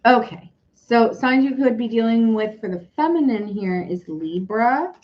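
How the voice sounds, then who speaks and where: A woman's voice: fairly high pitch, unhurried, muffled recording. A woman giving a casual, chatty tarot reading, talking loosely and laughing often. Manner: chatty, giggly, animated. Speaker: tarot reader.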